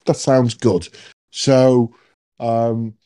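A man's voice: medium pitch, little pitch movement, extremely slow, dark tone, clear, resonant tone. A man hosting a podcast, chatting casually and jokily with plenty of ums. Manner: chatty, jokey, lots of ums. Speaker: podcast host. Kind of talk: casual chat.

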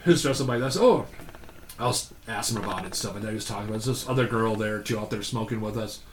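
A man's voice: fairly low pitch, very fast. A middle-aged man, a podcast guest, telling rambling, profane stories in casual chat and laughing through them. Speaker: podcast guest, younger brother. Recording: roomy echo, faint hiss.

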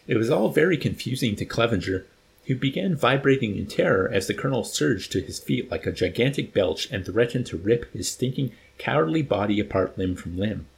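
A man reading a novel aloud in an expressive, casual way with dry humor. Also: medium pitch, vocal fry. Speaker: reader.

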